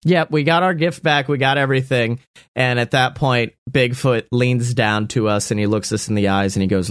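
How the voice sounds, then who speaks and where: A man's voice: mid-range voice, fairly even intonation, moderate pace, no echo, clean studio sound. Casual man running a tabletop game. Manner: casual, rambling, laughing. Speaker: game master.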